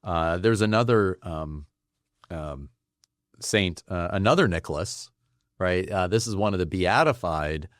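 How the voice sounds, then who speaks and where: A man's voice: low-pitched, lively intonation, measured pace, no echo, studio quality. A man hosting a podcast interview, asking curious questions and thinking aloud. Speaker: podcast host. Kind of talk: casual interview chat.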